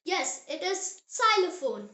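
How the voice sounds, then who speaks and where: Very high, bright-voiced language teacher. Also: sing-song, roomy sound. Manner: slow, deliberate enunciation, repeating example words for the listener; upbeat and encouraging. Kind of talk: scripted lesson narration for beginners.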